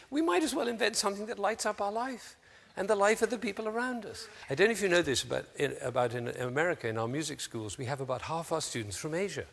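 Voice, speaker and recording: Gravelly, animated man speaking in a hall. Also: medium pitch. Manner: animated, anecdotal, laughs often. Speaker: speaker on music education. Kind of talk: public talk to educators.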